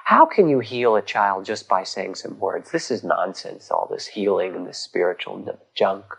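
A man's voice: deep voice, lively intonation, normal speed, gravelly, husky, voice pushed down, heavily acted, poor audio. A man voicing an aggressive, disbelieving man who scoffs at spiritual healing. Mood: scornful. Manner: scoffing, dismissive.

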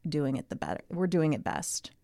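A woman's voice: low voice, big pitch swings, normal speed, vocal fry, mellow, no room sound, clean studio sound. A woman co-hosting a podcast, telling a story in casual chat with lots of asides. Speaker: podcast co-host.

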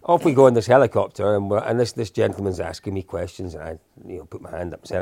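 Man, low gravelly voice. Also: fairly even intonation, quick pace, few pauses, dark tone, dry recording, clean studio sound. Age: 50s. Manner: chatty and self-deprecating, with frequent restarts. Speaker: podcast co-host. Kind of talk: anecdotal storytelling, casual chat.

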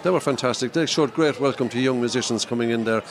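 A man's voice: mid-range voice, fast talker, background noise. Chatty Irish man co-hosting radio. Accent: Irish, County Clare. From Ireland. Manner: chatty, wry, laughs at himself. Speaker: radio co-host. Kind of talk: casual radio chat.

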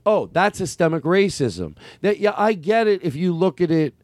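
A man with a Philadelphia accent hosts a loose conversation, circling his point and correcting himself as he goes. His voice sits a bit high for a man, and the sound is dry and close. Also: expressive, normal speed, darkish tone, dry recording. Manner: rambling, self-correcting, swears freely. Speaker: podcast host. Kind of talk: casual chat.

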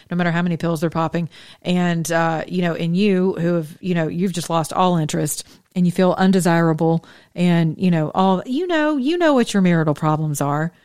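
A woman with a fairly low voice talks straight to her women listeners, half sermon and half frank chat. She urges and jokes in plain, candid words, recorded dry and close with no room sound. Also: no room sound. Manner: exhorting, candid and chatty, with frank asides. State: widowed, speaking as a single woman. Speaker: host of a faith talk show. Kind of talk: preachy monologue to women listeners.

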